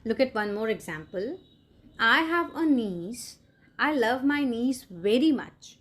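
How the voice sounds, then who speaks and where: Slow-speaking woman teaching grammar. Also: a little high, expressive. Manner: slow, explains step by step, often asks "Clear?" and "right?"; frequent "uh" fillers. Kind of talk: grammar lesson for children.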